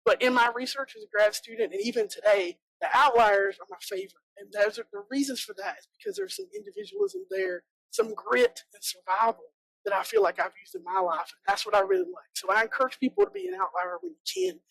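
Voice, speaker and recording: A woman's voice: on the high side, sing-song, fairly quick, vocal fry, fairly bright tone, no room sound, rough recording. A woman from South Georgia with a Southern American accent, giving a chatty, joking conference talk as a bee inspector. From South Georgia, USA. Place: conference room.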